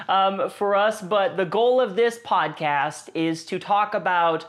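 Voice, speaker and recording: A man's voice: sits high, slow, a bit bright. A man hosting a podcast, talking in a chatty, playful way with plenty of fillers. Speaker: podcast host. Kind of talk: casual podcast conversation.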